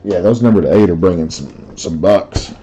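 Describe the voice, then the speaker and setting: A man's voice: deep voice, normal speed, background noise. A man hosting a live card break, chatting casually, telling stories and reading out the cards he pulls. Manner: chatty storyteller, laughs easily, reads out cards.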